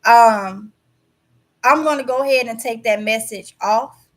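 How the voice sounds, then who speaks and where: Bright-voiced woman preaching on a livestream. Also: on the high side, unhurried. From Mississippi. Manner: preachy, emphatic, repeats words for stress. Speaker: YouTube channel host. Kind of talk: casual livestream talk.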